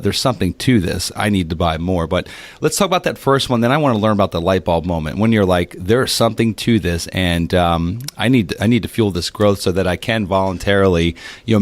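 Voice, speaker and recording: A man's voice: fairly low pitch, no echo. A man hosting a podcast, asking long, rambling questions with restarts. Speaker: podcast host, interviewer. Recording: dry close recording.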